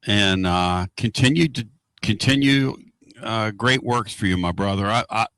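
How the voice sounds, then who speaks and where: A man hosting a casual radio talk show from inside a moving car, excitable and rambling. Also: on the low side, a little slow, no echo. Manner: excitable, rambling and loud-mouthed.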